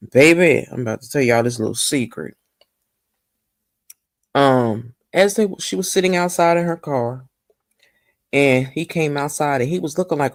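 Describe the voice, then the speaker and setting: A woman recapping a TV episode in a chatty, gossipy way, talking straight to her viewers. Her voice is gravelly with a lot of fry, and her pitch swoops up and down. She stays animated and opinionated throughout. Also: normal speed, dry recording, clean studio sound. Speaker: TV recap vlogger.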